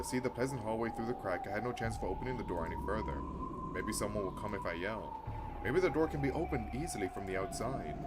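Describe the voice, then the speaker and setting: A man streaming a visual novel, reading the game text aloud and breaking into excited, chatty reactions. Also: fairly low pitch, very noisy. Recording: loud game music behind the voice. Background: loud game soundtrack.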